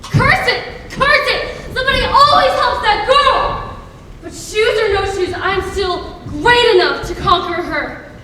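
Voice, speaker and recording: A woman's voice: extremely high pitch, a little slow, a bit bright, slight background noise. A woman playing a scheming, cackling witch on a stage, gloating and villainous. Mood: furious. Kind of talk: stage musical acting. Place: stage in a hall. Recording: echoey hall from far off.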